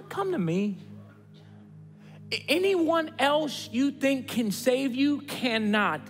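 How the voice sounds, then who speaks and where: A male pastor delivers a sermon with a high, bright voice. He talks conversationally, dropping to hushed tones and then rising with excitement. The sound carries a long church reverb with faint music behind it. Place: church stage.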